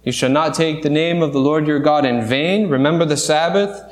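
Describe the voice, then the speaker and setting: A man's voice: a little high, normal speed, reverberant. A man preaching a sermon in a church, talking through scripture in a conversational way with restarts and rhetorical questions. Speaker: pastor. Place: church sanctuary.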